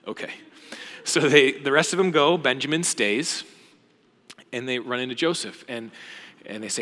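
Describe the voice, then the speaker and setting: A young adult male pastor tells a Bible story in a sermon, acting out voices and dropping to hushed asides. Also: medium pitch, moderate pace, pauses often. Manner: animated retelling with voiced quotes and hushed asides. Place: church auditorium. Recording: long hall reverb.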